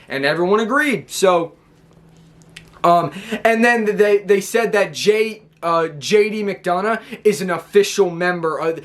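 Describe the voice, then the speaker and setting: A man's voice: high voice, fairly bright tone. A man casually recapping a wrestling show, rambling with lots of fillers and restarts.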